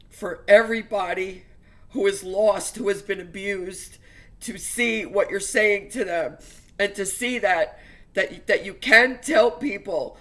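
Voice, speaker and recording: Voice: mid-range voice, fairly bright tone. A religious vlogger giving an emotional personal testimony to viewers, speaking earnestly and fervently with stumbling restarts.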